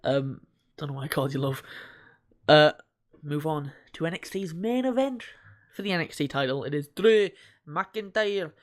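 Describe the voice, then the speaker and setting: A man's voice: fairly high pitch, animated, moderate pace. A young man co-hosting a podcast, chatting casually, joking and swearing as he reads through lists. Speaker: podcast co-host. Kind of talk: casual chat.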